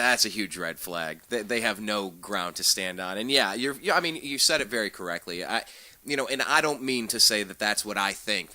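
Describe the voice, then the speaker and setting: Young guy hosting a talk show, bright punchy voice, kinda low, dry sound. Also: dry recording. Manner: animated, opinionated, jokey. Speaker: host. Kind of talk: casual political talk show.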